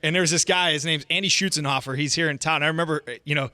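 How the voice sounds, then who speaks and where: Fast, bright-voiced man telling stories. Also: a little high, dry recording. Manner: animated storyteller, acts out voices and laughs often. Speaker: podcast co-host. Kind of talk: casual storytelling chat.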